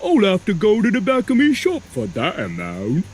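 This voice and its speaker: A hammy fake-Cockney merchant. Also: male voice, sits high, wildly swooping pitch, moderate pace, a little mellow, slightly rough, soft background music, exaggerated voice. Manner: hammy, exaggerated. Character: jovial shopkeeper with put-on rough accent.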